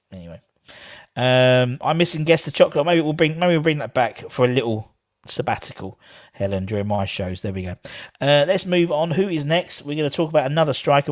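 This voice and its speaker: A man's voice: mid-range voice, no echo, studio quality. A man hosting a fan live stream, rambling casually and reading viewer comments aloud. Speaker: fan channel host.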